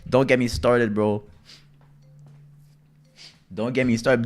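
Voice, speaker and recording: A young man livestreaming casually, telling stories with heavy swearing, loud outbursts and reading out chat messages. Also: medium pitch, level tone, slow pace, pauses often.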